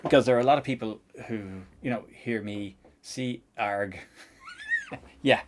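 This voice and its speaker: A man from Northern Ireland with a mid-range voice talks fairly quickly while streaming a live coding tutorial, rambling and chuckling as he chats. Slight background noise is audible.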